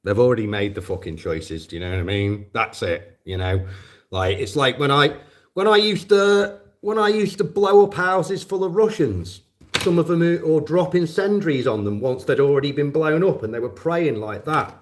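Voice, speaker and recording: A man's voice: on the high side, animated, moderate pace. A man casually chatting to his live audience, rambling and swearing, with lots of fillers. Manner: profane, rambling, many fillers. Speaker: volunteer drone operator answering live chat. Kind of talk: casual livestream chat.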